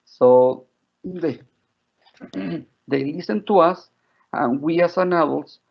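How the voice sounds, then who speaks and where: Gravelly man teaching teachers. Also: a little high, takes it slowly. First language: Spanish. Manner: chatty, frequent "right?" and "like". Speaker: teacher trainer. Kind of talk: online teacher training webinar. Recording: dull lo-fi audio.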